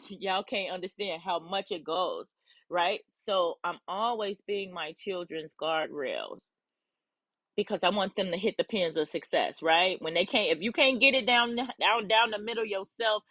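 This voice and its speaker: A woman's voice: lowish voice, fairly bright tone, no echo. A middle-aged woman, a mother, talking bluntly and candidly in a personal vlog, swearing freely.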